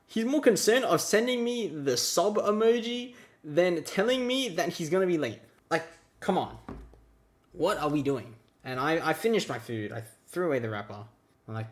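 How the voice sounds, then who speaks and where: Young male storyteller, sarcastic, exasperated, pitch leaps all over. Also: sing-song, normal speed. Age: young adult. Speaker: vlogger. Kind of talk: storytime rant.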